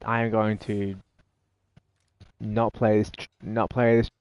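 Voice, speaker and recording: A man's voice: on the low side, completely flat delivery, takes it slowly, a little mellow, smooth, no echo. An Australian man giving rambling, sarcastic live commentary while playing a video game, easily exasperated. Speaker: gaming channel host.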